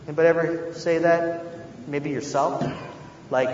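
A man preaching a sermon as a pastor, earnest, moving between hushed tones and loud emphasis. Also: on the high side, normal speed, long pauses. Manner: earnest, shifts from hushed to shouting. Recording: echoey hall, dull and slightly noisy.

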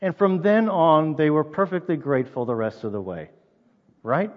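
A man preaching a sermon in a relaxed, conversational way, asking the listeners rhetorical questions. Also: a little high, normal speed. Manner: conversational, reads scripture aloud, asks rhetorical questions. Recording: reverberant dull-sounding hall.

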